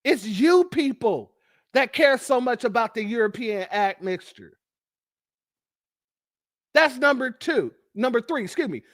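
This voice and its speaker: Very high-voiced man ranting combatively. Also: lively intonation, a little slow, long pauses, fairly bright tone, no room sound, clean studio sound. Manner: combative, lists points one by one. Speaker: livestream host. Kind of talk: heated commentary.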